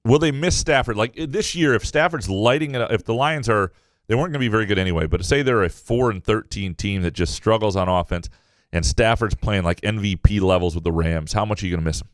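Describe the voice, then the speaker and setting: A deep-voiced man in his thirties from Michigan, chatting on a sports podcast. He rambles through his stories, backing up and restarting his sentences. The sound is dry and close to the mic. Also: fast, dry recording. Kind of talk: casual sports chat.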